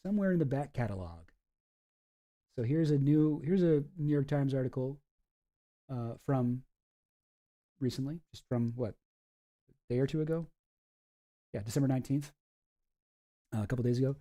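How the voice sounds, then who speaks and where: A man's voice: medium pitch, moderate pace, long pauses, mellow. A man giving casual, rambling commentary with lots of fillers, reading documents aloud as he goes.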